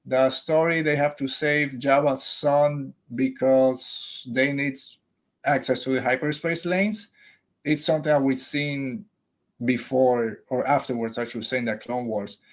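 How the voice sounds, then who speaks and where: A man's voice: medium pitch, fairly even intonation, unhurried. A man, a father in his thirties, hosting a podcast and giving blunt, opinionated takes in a casual review. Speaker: podcast host.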